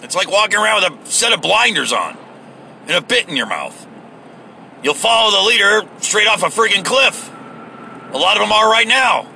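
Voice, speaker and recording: A man's voice: high-pitched, big pitch swings, moderate pace, gravelly, bright, forceful tone, slight background noise, low-quality recording. A man giving a heated, profane, sarcastic political rant, recorded in a car. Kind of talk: ranting political monologue.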